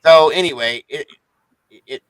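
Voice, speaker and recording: A man's voice: fairly high pitch, normal speed, a crowd in the background, low-quality recording. Blunt, profane man hosting a livestream. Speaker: livestream host. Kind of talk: casual livestream chat.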